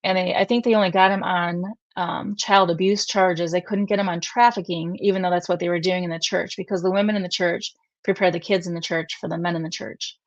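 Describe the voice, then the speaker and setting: Middle-aged woman guest, earnest storyteller, slightly low voice, dry close sound. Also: fairly even intonation, fairly quick, dry recording, muffled recording. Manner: emotional, earnest, quotes others at length. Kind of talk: conversational storytelling.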